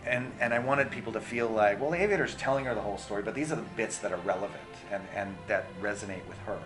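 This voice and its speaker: A man's voice: on the low side, quick pace, over music. A man, a filmmaker in an interview, answering in a reflective way with many restarts. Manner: reflective, full of restarts and fillers. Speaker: filmmaker interviewed about his film.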